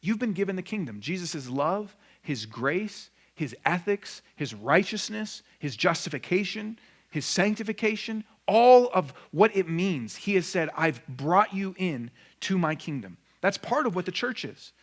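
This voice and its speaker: A man's voice: sits high, big pitch swings, measured pace. A male pastor delivering a sermon in a church, in a conversational style with frequent rhetorical asides. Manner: conversational preaching with rhetorical questions. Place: church room.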